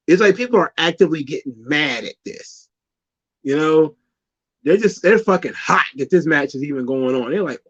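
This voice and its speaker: A man's voice: fairly high pitch, expressive, brisk, muffled recording. A man hosting a casual talk show, rambling and cursing, laughing often as he tells stories. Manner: rambling, profane, laughs a lot. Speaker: podcast host. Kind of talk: casual wrestling commentary.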